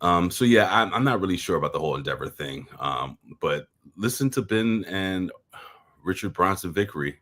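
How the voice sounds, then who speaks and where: A man with a New York accent co-hosting a wrestling review show in casual, rambling, profane chat, repeating words and filling pauses. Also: low voice, expressive, fairly bright tone.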